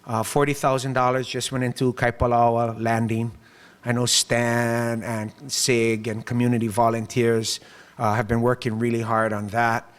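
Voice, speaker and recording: A man giving a public speech to a business group as mayor, telling stories in an animated way and acting out other people's lines. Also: mid-range voice, moderate pace. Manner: animated storytelling, acts out quoted voices with laughs. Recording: long hall reverb.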